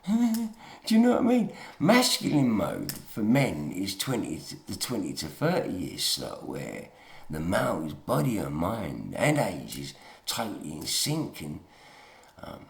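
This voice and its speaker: A man's voice: deep voice, wildly swooping pitch, unhurried, gravelly, roomy sound. A man giving a rambling, emphatic monologue full of swearing and chatty asides. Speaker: video lecturer.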